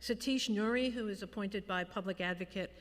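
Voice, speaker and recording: A woman chairs a public commission meeting from a table microphone, and her voice carries a long reverb through a large chamber. She introduces each member graciously and with light humor, at a medium pitch. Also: a little fast.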